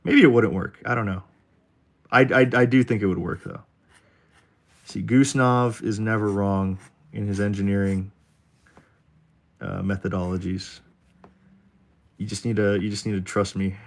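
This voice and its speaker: A man's voice: fairly low pitch, fairly even intonation, measured pace, creaky, pauses often. A man streaming live while he draws, rambling in a jokey way and talking straight to his chat. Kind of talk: casual livestream chat while drawing.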